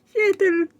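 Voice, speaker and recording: A woman's voice: a little mellow, no room sound. A woman telling a funny story in a casual way, giggling and laughing often.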